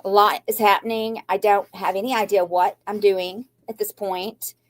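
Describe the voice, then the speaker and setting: Speaking at a moderate pace in a medium-pitched voice with little pitch movement, an older craft channel host gives her viewers an emotional live chat. She rambles anxiously, then turns defiantly upbeat, her voice shaky and near tears.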